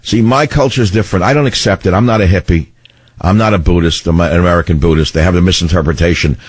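A middle-aged man with a baritone voice, hosting a talk radio show in a combative, rambling way. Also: fast, breathy edge, no echo. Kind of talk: opinionated talk radio monologue. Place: radio studio. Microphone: studio microphone.

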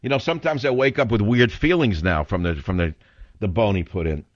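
A man's voice: lowish voice, brisk, dry recording, dull audio. An older man hosting a talk radio show, telling rambling stories in an exasperated tone.

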